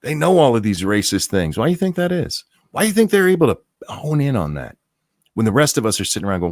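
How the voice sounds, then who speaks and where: A man tearing into a furious, profane rant, his pitch swinging wide from low growls to sharp peaks. The sound is close and dry, with no room around it. He mocks and jeers as he goes. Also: very animated, quick pace, no echo. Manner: profane, heated, mocking outbursts. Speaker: host. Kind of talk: angry political rant.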